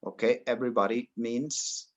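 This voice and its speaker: A man's voice: medium pitch, fairly even intonation, moderate pace. Man, English teacher, encouraging, video call class. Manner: encouraging, mixes in Spanish explanations. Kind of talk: online class instruction.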